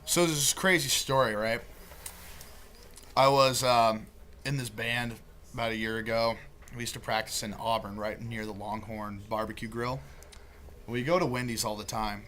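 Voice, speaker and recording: A young man spins a rambling, profane story in an easygoing tone, keeping his voice near an everyday middle pitch. A faint noise sits under the homemade recording. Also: fairly even intonation, normal speed, long pauses, bright, forceful tone. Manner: profane, laid-back storytelling. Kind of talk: casual story among friends.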